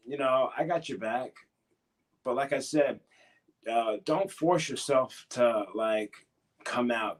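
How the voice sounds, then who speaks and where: A man who wrestles professionally, answering questions in a casual interview, earnest and a bit hesitant, encouraging at times. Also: lowish voice.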